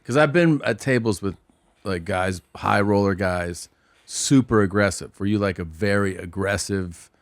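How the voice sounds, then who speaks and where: A man hosts a podcast, asking loose, rambling questions and cursing casually. His voice sits fairly low, and the sound is dry and close. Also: normal speed, no echo. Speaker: podcast host. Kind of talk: casual chat.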